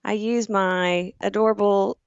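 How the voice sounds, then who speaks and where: Southern woman co-host, lively storyteller, slightly dull, dry sound. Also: medium pitch, unhurried, clean tone, no room sound. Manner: animated storyteller, acts out voices. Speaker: podcast co-host. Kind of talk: casual chat.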